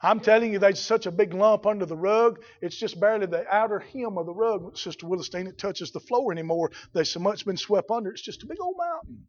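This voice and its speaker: A middle-aged man preaching a fiery sermon as a pastor, rising to shouts at his peaks. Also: high-pitched, a little fast, few pauses. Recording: dull lo-fi recording.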